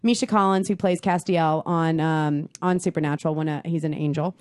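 A young woman co-hosting a podcast, telling stories in an excitable, animated way. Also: low-pitched, fairly quick, smooth, dry recording, clean studio sound. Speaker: podcast co-host. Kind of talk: casual chat. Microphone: close studio mic with headphones.

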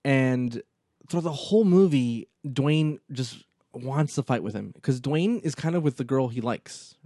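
Casting: male podcast co-host, warm mellow tone, dry close sound, animated storyteller. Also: mid-range voice, unhurried, no room sound. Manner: animated storytelling, acts out movie lines. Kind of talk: casual chat.

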